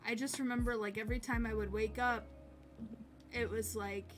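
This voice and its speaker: A woman streamer telling a personal story to camera in a halting, hesitant way, often pausing and restarting. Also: on the high side, fairly even intonation. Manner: halting, hesitant, with many pauses and fillers. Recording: clear instrumental music in background.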